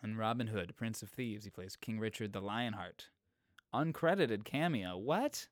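A man's voice: on the low side, animated, a little slow, no echo. Chatty man listing old films, dry sound. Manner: chatty, reads out film lists, musing asides. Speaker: podcast co-host. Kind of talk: casual chat.

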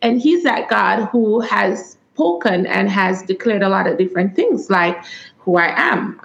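A woman with a Jamaican accent answering interview questions as a guest author and coach, earnest and quick to laugh. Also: mid-range voice, expressive, vocal fry. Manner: earnest, testimonial, laughs often. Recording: echoey, dull lo-fi room sound.

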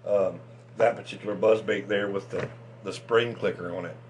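Rambling, excitable man chatting about tackle. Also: sits low, normal speed, slight background noise. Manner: rambling, excitable, lots of restarts and fillers. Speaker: fishing channel host. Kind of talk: casual chat reviewing fishing tackle.

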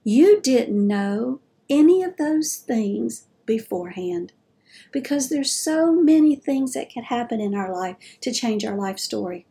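A woman's voice: on the high side, animated, measured pace, warm tone. A woman with a Southern accent hosting a caregiving podcast, talking to listeners in a chatty, folksy way and laughing at herself. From American South. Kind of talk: casual chat to listeners.

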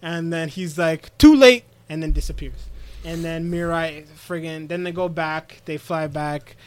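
A man's voice: a little high, little pitch movement, a little slow, very noisy. A man casually recapping an anime episode on a podcast, animatedly acting out the characters' lines as he tells it. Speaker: podcast co-host.

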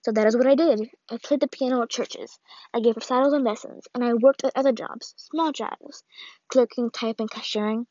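A woman reading the farewell letter of an old, ailing grandmother in a solemn, measured way, on a dull, lo-fi recording. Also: a little high, steady tone, mellow, no room sound, lightly acted. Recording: dull, lo-fi dry read.

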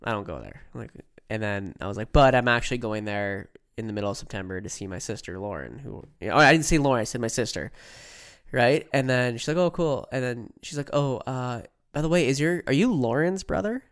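Smooth-voiced young man telling a rambling story. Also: medium pitch, fairly quick, fairly bright tone. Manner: rambling, peppers sentences with "like" and "right?"; acts out quoted voices while telling stories. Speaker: podcast co-host. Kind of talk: casual storytelling chat.

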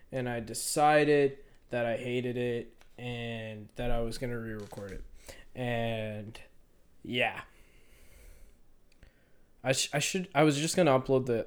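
A young man in his twenties talks alone into his podcast mic, unscripted and unedited. His voice is smooth and resonant at an ordinary middle pitch. He rambles, stops, restarts and corrects himself as he goes. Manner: rambling, halting, self-correcting. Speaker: podcast host. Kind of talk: unedited solo podcast monologue.

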